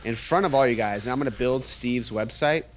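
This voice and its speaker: A man's voice: mid-range voice, brisk, crowd noise. A man co-hosting a casual live stream, cutting in with playful teasing jokes. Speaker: co-host, website builder.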